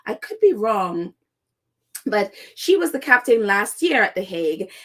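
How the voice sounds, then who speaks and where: A woman's voice: mid-range voice, sing-song, a little slow, fairly bright tone. A woman hosting a casual commentary podcast, chatty and sarcastic, laughing often and leaning on fillers as she reacts to the news. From United States. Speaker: podcast host.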